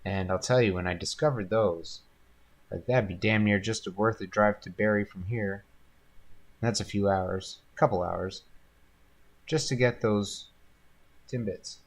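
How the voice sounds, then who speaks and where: A man's voice: fairly low pitch, unhurried, pauses often. A man hosting a painting livestream, chatting casually and rambling, with frequent laughs. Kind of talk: casual chat while painting.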